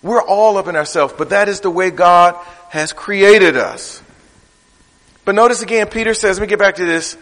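A man preaching a sermon in a conversational style, swinging from loud, high bursts to low, quiet asides. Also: moderate pace. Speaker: pastor. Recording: reverberant hall.

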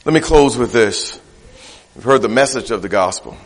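A man preaching a sermon as pastor, emphatic and repetitive, rising to shouts. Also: mid-range voice, lively intonation, moderate pace, long reverb tail. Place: church.

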